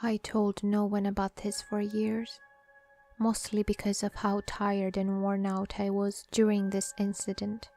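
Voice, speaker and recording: A woman narrating a horror story in a soft, hushed voice that often sinks into a whisper. She reads slowly and evenly, with a dark, mellow tone. Faint music plays behind her. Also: medium pitch, completely flat delivery.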